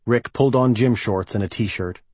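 A man reading a novel aloud as the narrator, in an even, measured manner. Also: lowish voice, breathy edge, no room sound. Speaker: audiobook narrator. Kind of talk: scripted narration.

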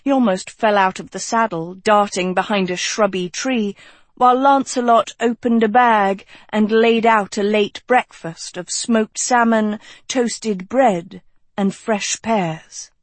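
An audiobook narrator reading a fantasy novel in a measured, unhurried storytelling manner. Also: mid-range voice, dry recording.

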